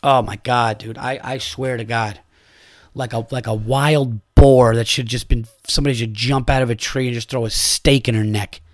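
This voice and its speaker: This is a middle-aged man ranting on his own podcast, crude and heated, tripping over his own restarts as he goes. His voice sits in an ordinary middle pitch. The sound is close and dry, with no room around it. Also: steady tone, normal speed, dry recording. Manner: angry, crude, rambling with restarts. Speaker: podcast host. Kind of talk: profane rant to listeners.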